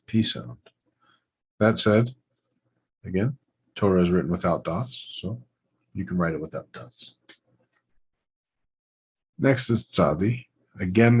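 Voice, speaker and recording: A man's voice: low-pitched, a little slow, pauses often, darkish tone, husky, rough recording. A man teaching a lesson on writing letters, talking through each stroke as he draws it, in short trailing phrases. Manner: thinking aloud while drawing letters, short trailing phrases. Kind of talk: relaxed instructional demonstration.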